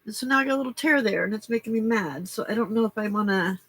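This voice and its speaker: An older woman hosts a late-night craft livestream, chatting casually through a stuffy nose while she crafts. Her medium-pitched, fairly bright voice moves fast as she rambles and greets viewers by name.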